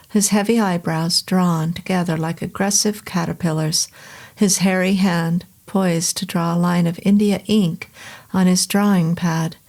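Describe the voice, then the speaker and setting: Woman reading a horror story in a low voice. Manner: steady, unhurried storytelling. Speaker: narrator. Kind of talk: scripted audiobook narration.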